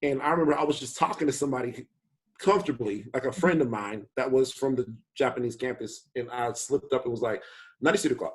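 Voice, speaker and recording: A man on a podcast telling a personal story in a relaxed, casual way, swearing now and then. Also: medium pitch, fast. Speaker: podcast co-host. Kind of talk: casual chat.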